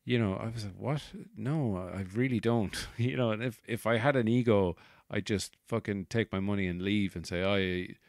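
A man's voice: fairly low pitch, fairly even intonation, brisk, hardly any pauses, darkish tone, no echo, studio quality. An Irish man in his thirties, a comedian hosting his podcast, rambling casually with exasperated, sweary asides.

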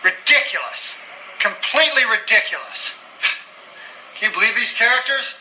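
A fussy, indignant older man scolds at full volume, his voice high and swooping, as a man puts him on. The tone is piercingly bright, and he sounds set back from the mic. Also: sing-song, normal speed, a little hiss or hum, full character voice, rough recording. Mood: huffy. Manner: loud huffy scolding.

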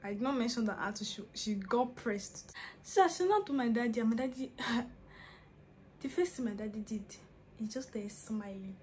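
A woman's voice: a little high, expressive, moderate pace, a little mellow, slight background noise. A young woman tells a funny personal story in a casual vlog, laughing often and dropping into whispers. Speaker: vlogger.

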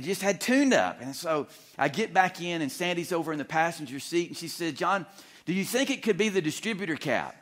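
Bright, animated preacher man. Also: fairly high pitch. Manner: animated, humorous storytelling with frequent restarts. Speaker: pastor. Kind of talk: storytelling sermon. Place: church sanctuary.

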